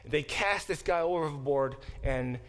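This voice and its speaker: Animated male Bible professor lecturing. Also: on the high side, a little slow. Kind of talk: classroom lecture. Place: classroom.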